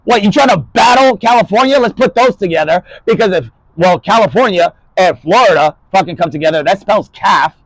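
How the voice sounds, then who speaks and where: A man with a fairly high voice delivers a rambling spoken-word monologue, leaping from one topic to the next. He swears freely and swings between quiet asides and louder bursts. The sound is dry and close, with no room around it. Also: expressive, a little fast, few pauses, no room sound, poor audio. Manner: rambling, jumping topics, swearing, shifting loudness.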